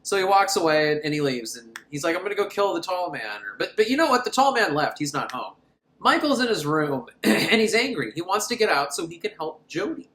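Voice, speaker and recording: A man's voice: a little high, big pitch swings, fairly quick, bright, forceful tone, roomy sound. A man recapping a horror film in a sarcastic, rambling, mocking way. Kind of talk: comedic movie recap.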